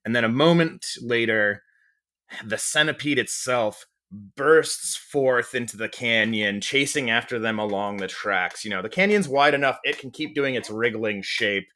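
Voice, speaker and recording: A man's voice: mid-range voice, moderate pace, pushed and bright. A man acting as game master, describing the scene at length with lots of restarts and fillers. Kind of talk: narrating a tabletop game.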